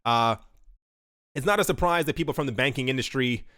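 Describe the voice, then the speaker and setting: A man's voice: mid-range voice, brisk, a bit bright, no echo, clean studio sound. A man commenting casually and with strong opinions on crypto news, talking loosely with many fillers and restarts. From United States. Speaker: crypto video host.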